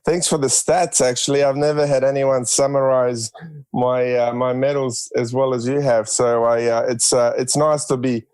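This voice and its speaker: An Australian man in his forties talks as a guest in a casual chat, halting often and filling pauses. His voice stays flat and even in pitch, recorded dry with no room sound. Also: smooth, no echo. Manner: relaxed, halting with many fillers.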